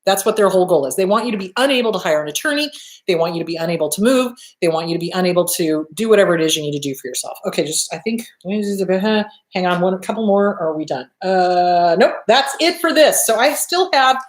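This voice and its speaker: A woman's voice: lowish voice, expressive, brisk. A woman hosting a live advice talk, answering viewer questions in a blunt, emphatic way and swearing casually. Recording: roomy echo.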